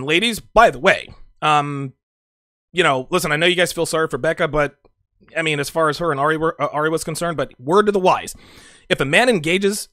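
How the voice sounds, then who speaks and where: A man's voice: on the high side, bright, forceful tone, dry recording, clean studio sound. A man giving blunt, profane casual commentary on a TV show, talking straight to his viewers.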